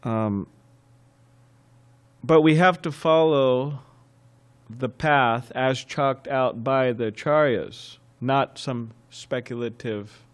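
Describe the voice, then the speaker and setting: A man giving a scriptural class as a sermon, telling anecdotes in a lively way, chuckling and often restarting phrases. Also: mid-range voice, slow, clear, resonant tone. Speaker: temple class speaker. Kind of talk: sermon with storytelling.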